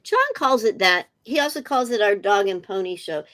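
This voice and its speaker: A woman's voice: medium pitch, moderate pace. A middle-aged woman, a guest on a casual interview over a video call, telling funny anecdotes with lots of energy and laughter. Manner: animated storyteller, laughing often.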